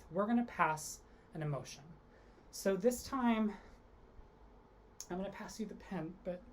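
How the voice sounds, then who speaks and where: A woman with a low, deep-set voice leads an online drama workshop from home, talking students through acting games. She breaks into exaggerated emotional line readings to demonstrate. A faint hiss sits under the recording. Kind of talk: online theatre workshop instruction. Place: home, video lesson.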